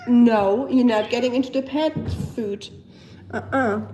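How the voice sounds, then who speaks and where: Young woman, German accent, hoarse from a cold, unhurried, fairly high voice, casual home stream. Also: steady tone, warm tone, dull audio, slight background noise. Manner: chatty, reads viewer comments aloud, talks to her pets. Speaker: live streamer. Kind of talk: casual live-stream chat. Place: at home, indoors.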